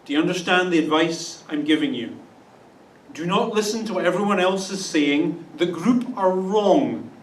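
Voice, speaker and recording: Canadian male pastor, conversational sermon, high voice, roomy distant sound. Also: normal speed, a little hiss or hum. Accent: Canadian English. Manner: conversational, asks the congregation questions. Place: church sanctuary.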